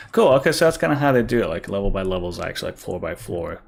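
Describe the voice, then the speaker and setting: A man's voice: low voice, sing-song, quick pace, gravelly. A young man streaming a card game, thinking aloud and reading card text with many fillers. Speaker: gaming streamer. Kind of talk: casual gameplay commentary.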